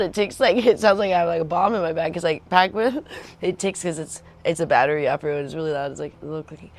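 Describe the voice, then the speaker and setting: A woman hosting a home livestream, chatting in a rambling, casual way, laughing often and acting out the voices of people she quotes. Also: fairly low pitch. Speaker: livestream host.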